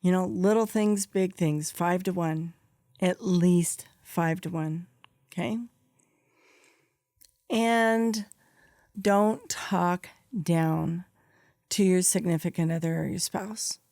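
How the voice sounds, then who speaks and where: A woman's voice: on the low side, fairly even intonation, takes it slowly, dark tone, no echo, clean studio sound. A woman podcast host and psychologist giving direct, practical advice, stressing her key points and checking in with "okay?". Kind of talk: advice monologue.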